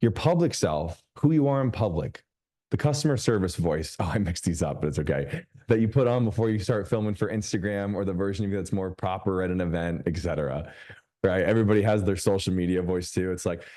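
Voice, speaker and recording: A male business coach teaching over a video call, his voice low-set and mellow. He talks emphatically, drawing out key phrases to drive them home. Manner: emphatic, slows down to stress points.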